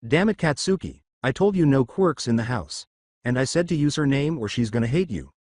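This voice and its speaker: A man voicing a loud, brassy mother who scolds and teases. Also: mid-range voice, animated, a little fast, no room sound, studio quality, close to an everyday voice. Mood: scolding. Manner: scolding, teasing.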